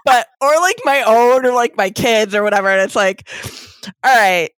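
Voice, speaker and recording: A middle-aged woman who works as a lactation consultant, co-hosting a casual talk show with animated, exasperated chat. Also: a little high, normal speed, no echo, poor audio. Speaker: podcast co-host, lactation consultant.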